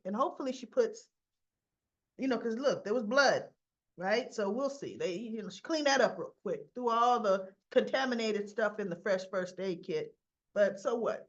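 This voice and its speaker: A woman casually recapping a soap opera episode, acting out the characters' lines, with a cough and frequent throat clearing. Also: mid-range voice, dull audio. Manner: chatty, acts out characters' lines in quotes.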